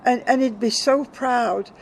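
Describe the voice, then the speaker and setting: A woman's voice: a little high, steady tone, measured pace, a little hiss or hum, low-quality recording. An older woman speaking as an interview guest, candid and emotional, often trailing off with repeated 'and'. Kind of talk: emotional personal storytelling.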